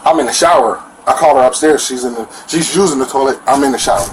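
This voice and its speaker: A man's voice: medium pitch, fast talker. A man rambling through an account of a domestic dispute to police, repeating himself and apologizing often. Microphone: officer's bodycam. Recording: noisy police bodycam audio.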